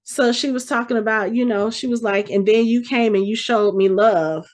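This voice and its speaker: A woman hosting a podcast animatedly recaps a TV episode in a casual way, acting out the characters' lines. Her voice is a little high and slightly mellow, at a moderate pace.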